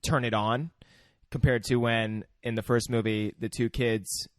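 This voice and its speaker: A man's voice: mid-range voice, fairly even intonation, unhurried, dry recording. A young man co-hosting a podcast in casual chat, laid-back, chiming in with short agreements and swearing. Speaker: podcast co-host. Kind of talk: casual movie recap chat.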